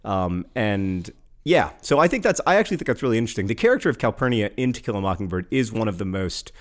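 A man with a fairly low voice talks in a loose, conversational way. He is wry and enthusiastic, stacking fillers and restarts as he goes. He sounds like a regular co-host of a casual talk show. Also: animated, fast. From American South. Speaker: podcast co-host. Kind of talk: casual chat.

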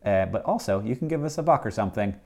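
A man's voice: lowish voice, expressive, fast talker, creaky, darkish tone. A man co-hosting a podcast in casual chat, playful, laughing often and restarting his sentences. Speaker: podcast co-host.

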